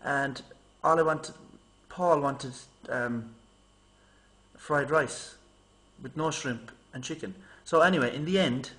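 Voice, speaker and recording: A man with a mid-range voice talks slowly as he rambles casually to his camera as a vlogger. He's chatty and animated, recounting stories and raising his voice to mimic people.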